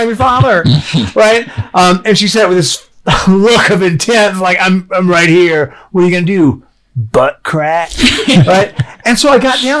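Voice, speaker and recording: A man on a podcast panel, telling stories in a casual discussion and often laughing mid-sentence. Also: a little high.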